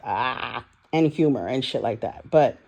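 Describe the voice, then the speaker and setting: Mellow-voiced woman in a raw confessional. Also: extremely low pitch, unhurried. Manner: candid, rambling, profane, emotional. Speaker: vlogger. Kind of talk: confessional audio diary. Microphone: voice-only recording, no video.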